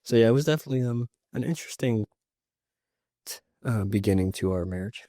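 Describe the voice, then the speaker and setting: A man's voice: medium pitch, animated, a little fast, dark tone, no room sound, studio quality. A young man co-hosting a faith podcast with his wife, recalling their early marriage in an easygoing, laughing way. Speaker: podcast co-host. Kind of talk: casual faith conversation.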